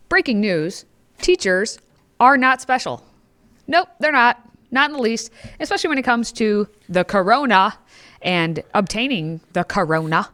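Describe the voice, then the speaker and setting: A woman's voice: on the high side, expressive, normal speed, fairly bright tone. A woman co-hosting a political talk show, reading news with sarcastic asides and playful sound effects. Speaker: co-host.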